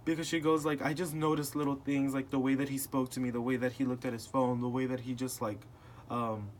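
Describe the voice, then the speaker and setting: Speaking briskly in a mid-range voice, this young male podcast host animatedly recounts a family story, voicing family members in the dialogue he retells. The casual chat is full of filler words, and there's a slight hiss or hum.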